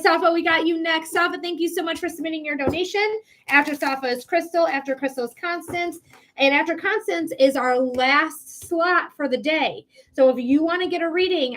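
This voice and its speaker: High-pitched woman, casual livestream tarot host, emphatic and a bit profane. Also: fairly bright tone, slight background noise. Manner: chatty, emphatic, swears casually. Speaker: psychic reader, livestream host. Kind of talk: live tarot reading, casual chat.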